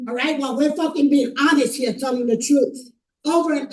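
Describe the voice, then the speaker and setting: A furious woman with a high voice shouts and curses over and over, demanding that the meeting stop. She is picked up from across the room by the meeting's microphone, sounding distant and thin. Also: moderate pace, slight background noise. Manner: shouting, swearing, repeating herself. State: furious, agitated. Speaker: angry resident at a public meeting. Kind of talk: heated outburst at a community board meeting.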